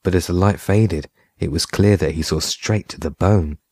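A man narrating a horror short story in a measured, unhurried way. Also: low voice, a little mellow, husky, no echo, clean studio sound. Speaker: audiobook narrator.

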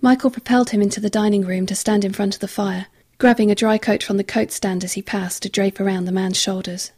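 A woman narrating an audiobook with a measured, quietly tense delivery. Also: medium pitch, fairly even intonation, husky.

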